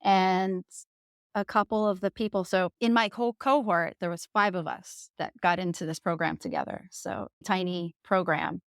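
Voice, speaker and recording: Candid woman with a smooth voice. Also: lowish voice, moderate pace, dry recording, clean studio sound. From Jersey Shore, USA. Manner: lively, laughs while telling stories. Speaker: podcast guest. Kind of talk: candid personal storytelling.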